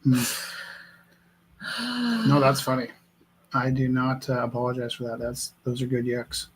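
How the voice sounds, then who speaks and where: A man's voice: medium pitch, completely flat delivery, a little slow, a little hiss or hum. Rambling, self-mocking man hosting a stream. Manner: musing, rambling, self-deprecating. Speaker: host of a live art stream. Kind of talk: casual chat while making art.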